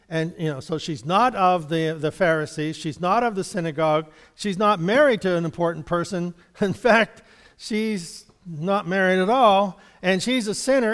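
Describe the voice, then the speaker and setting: A man's voice: sits high, clean tone, in a large hall. A man giving an informal Bible study, chatty and rambling, chuckling often and acting out little exchanges. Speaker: Bible teacher.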